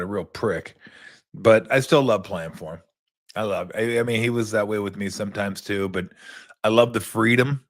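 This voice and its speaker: A middle-aged man hosting a talk show and telling an animated story, often repeating words as he goes. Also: mid-range voice. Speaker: host, former basketball player. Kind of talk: casual storytelling.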